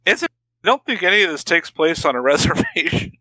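Podcast cohost guy, bright voice, dry close mic, laughs a lot and cracks jokes. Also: fairly high pitch, sing-song, quick pace, dry recording, rough recording. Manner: wry, laughs often, adds jokey asides. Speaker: podcast co-host. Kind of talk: casual movie-recap chat.

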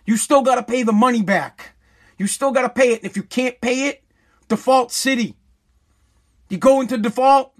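A man's voice: very high-pitched, normal speed, pauses often. A man who owns a small business, ranting in a profane, agitated vlog monologue and stumbling over his words as he repeats himself. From United States.

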